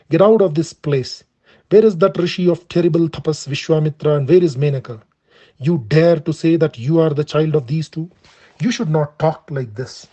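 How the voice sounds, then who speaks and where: Male reader voicing a harsh, impatient king, read plainly; slightly high, soft-toned voice. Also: close to an everyday voice. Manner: plain measured reading of a harsh rebuke. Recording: dull lo-fi recording.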